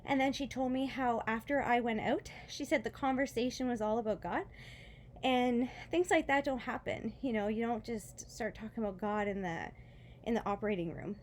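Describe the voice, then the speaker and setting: A woman telling a personal faith story in a casual vlog, emotional and close to tears, rambling with fillers and soft laughs. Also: on the high side, normal speed, a little hiss or hum. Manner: emotional, near tears, laughing softly between words; rambling with many fillers and restarts. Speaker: vlogger.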